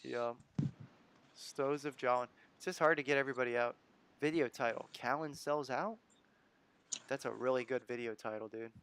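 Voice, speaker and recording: A man's voice: mid-range voice, moderate pace, pauses often, a bit bright, clean tone. A man from the United States hosting a live stream, chatting casually, chuckling and reading viewer comments aloud. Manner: laid-back, chuckling, reads chat comments aloud.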